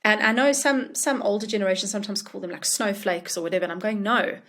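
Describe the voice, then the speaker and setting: A woman who writes children's books, chatting casually in a podcast interview and acting out what others say in a lively voice. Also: mid-range voice, fast talker. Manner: animated, acts out quotes in a lively voice. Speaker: children's book author.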